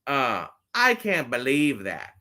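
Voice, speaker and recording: In a mid-range voice with huge pitch swings, a man slowly rambles through a phone livestream about his toys. His tone is pushed and bright, and he swears freely while chatting straight to his viewers.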